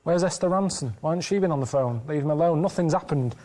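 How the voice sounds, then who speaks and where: Deadpan grumbling man in his thirties. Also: a little high, quick pace. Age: 30s. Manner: deadpan, plain-spoken, grumbling. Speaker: show regular recounting his travels. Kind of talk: deadpan storytelling chat.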